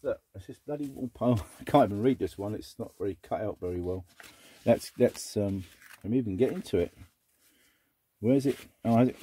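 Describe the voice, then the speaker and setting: A middle-aged man chatting casually as he sorts through a box of old records, muttering asides and breaking into excited exclamations. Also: on the low side, slightly rough. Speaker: record collector vlogger. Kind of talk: casual unboxing chat.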